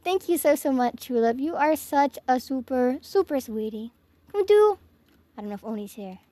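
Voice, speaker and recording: A woman's voice: sits high, animated, moderate pace, dark tone, dry recording. A young woman streamer signing off from her home office, gushing and giggly as she thanks her chat. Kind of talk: casual stream sign-off chat.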